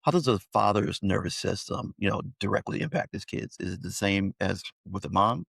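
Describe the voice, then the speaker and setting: A man hosting a podcast, asking questions in a relaxed, hesitant way. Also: deep voice, moderate pace, vocal fry, slightly rough, dry recording, studio quality. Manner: relaxed, hesitant, lots of "you know". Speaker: podcast host. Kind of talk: casual interview chat.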